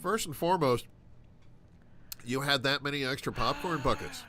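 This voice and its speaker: A man's voice: medium pitch, moderate pace, background noise. An American man co-hosting a political talk show, joking with wordplay and trying out silly accents. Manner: jokey, wordplay, puts on accents. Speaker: podcast co-host. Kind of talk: casual political chat.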